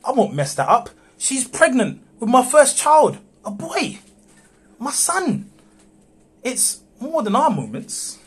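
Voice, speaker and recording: Man reading as a calm, slow-talking young man ending an affair. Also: extremely high pitch, slightly rough, exaggerated voice. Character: young man backing out of an affair with a married woman. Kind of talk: live script read-through. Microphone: phone on a livestream.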